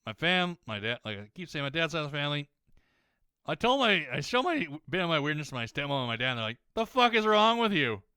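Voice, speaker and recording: A man's voice: a little high, big pitch swings, quick pace, bright, forceful tone, smooth, no room sound, clean studio sound. A man rambling in casual let's-play commentary, self-deprecating and swearing freely. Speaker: gaming channel host.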